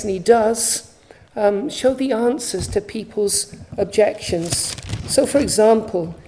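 A woman's voice: mid-range voice, mellow, low-quality recording. A woman preaching a sermon, reading scripture aloud with earnest emphasis and rhetorical questions.

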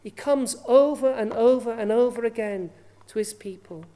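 A woman's voice: fairly high pitch, moderate pace, mellow. A woman preaching a sermon in an earnest way, often asking her listeners rhetorical questions.

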